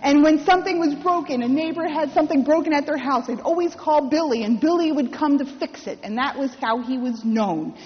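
A woman's voice: high-pitched, brisk, hardly any pauses, big-room sound, dull audio. A woman priest giving a sermon, telling a personal story with wry humor and acted-out quotes.

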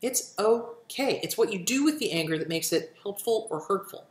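A woman's voice: mid-range voice, expressive, moderate pace, roomy sound. A woman hosting a question-and-answer show, answering viewer questions with blunt, profane, emphatic advice. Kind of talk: casual advice talk.

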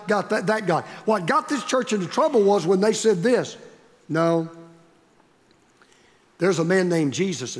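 A male pastor preaching a sermon, emphatic and repetitive, building up stress on key words. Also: high voice. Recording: long reverb of a large hall.

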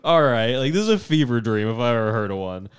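A young man hosting a podcast in a casual, animated recap style. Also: mid-range voice, quick pace, smooth. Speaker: podcast host. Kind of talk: casual chat.

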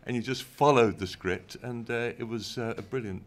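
An older man with an English accent, a former television director telling stories from his career in an interview, unhurried with dry humour. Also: mid-range voice, slight background noise. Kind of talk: anecdotal interview talk. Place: event stage in front of an audience.

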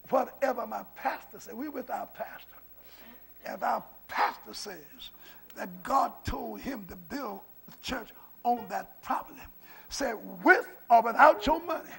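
Older man, pastor, sermon storytelling, very high pitch, hushed then shouting. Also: gravelly. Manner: preaching, swings from hushed to shouting.

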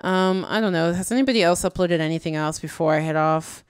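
A woman's voice: lowish voice, quick pace, clear, resonant tone, no echo, clean studio sound. A woman giving casual, exasperated reaction commentary, slangy and tired late at night. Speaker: YouTube commentator.

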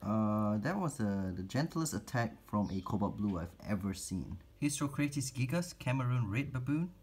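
A man's voice: on the low side, expressive, normal speed, darkish tone, husky. A man narrating a casual pet-keeping vlog, chatty and teasing his spiders as he feeds them. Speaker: reptile and spider keeper vlogger.

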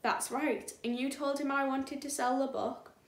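A woman's voice: sits high, flat delivery, normal speed, pitched above the performer's own voice. A woman voicing a surly, scheming male robber in a children's story, grunting and stammering. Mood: guarded. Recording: echoey room.

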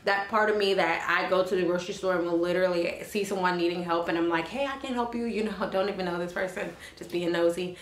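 A woman's voice: lowish voice, flat delivery, quick pace, few pauses, reverberant, a little hiss or hum. A young woman and nursing student telling an emotional story in a chatty, casual vlog, with many fillers and restarts, recorded in her car.

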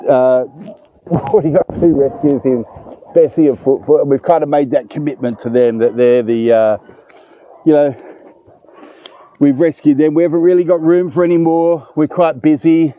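The recording is dry and lo-fi, capturing a man in his fifties vlogging casually outdoors at a dog kennel. He is chatty, emotional and warm-hearted, speaking at normal speed in a slightly high voice with a steady tone.

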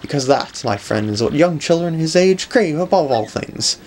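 A man's voice: a little high, lively intonation, moderate pace, darkish tone, slight background noise, pitched above the performer's own voice. A man voicing a pompous, bumbling male detective in a video game, grand and self-assured.

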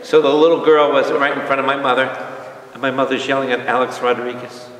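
A man teaching a lively Bible study to an audience, often asking them questions and acting out quotes. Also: mid-range voice, fast, noisy background. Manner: animated, asks the audience questions, acts out quotes. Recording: echoey hall from far off.

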